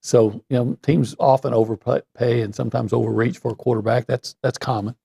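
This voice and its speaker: A man giving sports opinions as a columnist guest, in a gravelly, husky voice with a dark tone. He weighs each point slowly, hedging with pauses and fillers. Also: medium pitch, steady tone. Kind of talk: casual sports talk.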